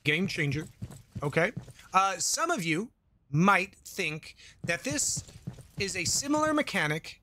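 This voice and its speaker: A man's voice: sits high, very animated, unhurried, sharp tone, a little hiss or hum. A man doing casual let's-play commentary into a desk mic, rambling with jokey asides, swearing and reading chat aloud. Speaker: gaming YouTuber. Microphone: desk microphone.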